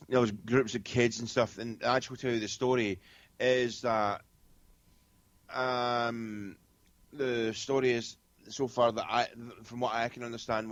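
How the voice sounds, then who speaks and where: A man's voice: on the low side, no room sound. Rambling Scottish man, dull lo-fi sound. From Scotland. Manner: rambling storyteller with many restarts and fillers. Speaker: guest medium. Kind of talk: casual podcast chat.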